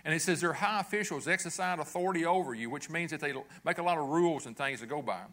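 A middle-aged man preaching a sermon with a bright, forceful tone that sits a little high for a man. He talks conversationally, throws rhetorical questions at the congregation and keeps checking in with a quick "okay?". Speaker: pastor.

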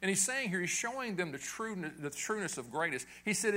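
A middle-aged man preaching a sermon with a bright, forceful tone that sits a little high for a man. He talks conversationally, throws rhetorical questions at the congregation and keeps checking in with a quick "okay?". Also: expressive. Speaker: pastor.

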